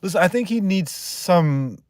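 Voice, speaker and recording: A man's voice: high voice, animated, unhurried, dry recording, studio quality. A man hosting a livestream in loose, profane, rambling chat, laughing often and trailing off mid-thought. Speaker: livestream host.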